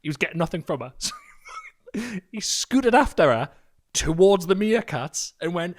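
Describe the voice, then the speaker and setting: A man with a Geordie accent, co-hosting a podcast, telling sweary, animated comic stories in casual chat. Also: high-pitched, moderate pace. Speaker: podcast co-host.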